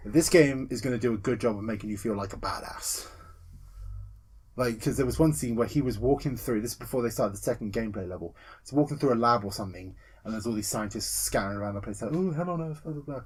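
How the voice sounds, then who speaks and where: A man co-hosting a casual gaming podcast, excitable and swearing freely, acting out scenes with yelps and laughter. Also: mid-range voice, husky. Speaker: podcast co-host.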